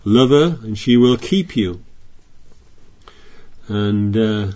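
A man's voice: on the low side, expressive, slow pace, mellow. Man preaching on a dull recording. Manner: reads scripture aloud then explains it conversationally, with frequent restarts. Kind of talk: sermon.

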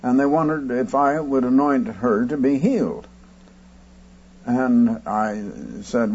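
A man preaching as he recounts a story, rambling with fillers and bursting loud when he quotes a shout. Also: mid-range voice, slow, breathy edge, lo-fi sound. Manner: rambling anecdotal telling with fillers. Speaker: radio preacher. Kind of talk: storytelling sermon.

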